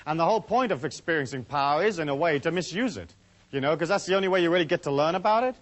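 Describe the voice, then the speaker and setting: Rambling, chatty higher-voiced man lecturing. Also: expressive, racing. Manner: rambling, chatty, many "you know" asides. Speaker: seminar speaker. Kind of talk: casual lecture to a live audience.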